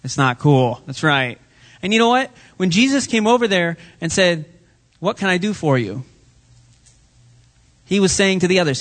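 Guy with a high voice doing the kids' sermon, chatty, keeps asking the kids stuff. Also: animated, moderate pace, pauses often. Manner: friendly, questioning, talks down gently to kids. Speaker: children's sermon leader. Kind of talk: children's sermon. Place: church sanctuary.

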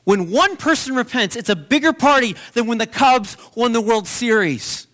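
A man's voice: very high-pitched, lively intonation, moderate pace, hardly any pauses, fairly bright tone. A man preaching a sermon as pastor, telling a story in an earnest way.

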